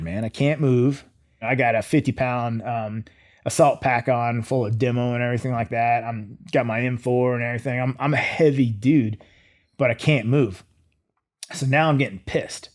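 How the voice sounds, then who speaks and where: A middle-aged man, a former soldier, telling his story as an interview guest in a lively way, acting out his own thoughts. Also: mid-range voice. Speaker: guest, former Green Beret.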